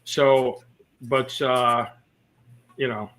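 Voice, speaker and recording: A comedian telling personal stories in a casual interview, mixing jokes and fillers. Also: male voice, medium pitch, level tone, drawn-out words, fairly bright tone, a little hiss or hum. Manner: storytelling with jokes and many fillers. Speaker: comedian guest.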